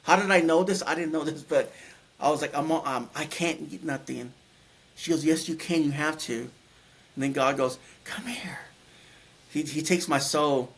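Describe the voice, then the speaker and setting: Middle-aged man, a touch high-pitched, halting and rambling storyteller. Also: vocal fry, slightly rough. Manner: rambling, halting, many restarts and fillers. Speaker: guest telling his near-death story. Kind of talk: casual storytelling interview.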